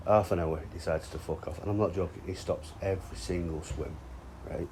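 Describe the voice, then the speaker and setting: A man's voice: low-pitched, fairly even intonation, fairly quick, few pauses, warm tone, slight background noise, rough recording. A man chatting casually outdoors by a fishing lake, with sweary, teasing banter. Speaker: angler and vlog host. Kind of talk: casual chat.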